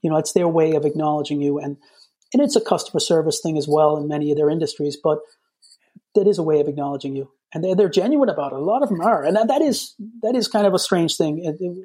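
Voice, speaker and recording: An Irish man chatting in a relaxed, loose way, his talk full of "you know" and half-finished starts. His voice is mellow and a little husky. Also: fairly high pitch, fast talker. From Ireland. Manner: rambling, peppered with "you know". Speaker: guest. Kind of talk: casual chat.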